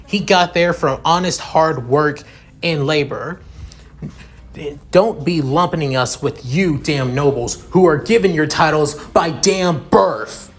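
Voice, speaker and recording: A man voicing a hot-tempered young male commoner student who shouts and swears with indignation. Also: on the high side, slow, faint music behind, pitched above the performer's own voice. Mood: furious.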